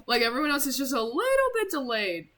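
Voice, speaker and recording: A woman's voice: high-pitched, very animated, quick pace, a bit bright, low-quality recording. A young woman casually commenting while streaming a game, rambling and apologetic, with lots of "like". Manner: chatty, rambling, heavy use of "like", apologetic.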